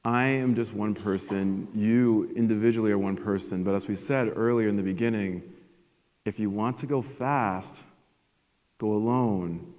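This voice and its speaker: A man giving a motivational keynote at a conference, energetic and animated as he tells stories to the audience. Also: fairly low pitch, measured pace. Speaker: keynote speaker. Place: large conference hall. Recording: long hall reverb.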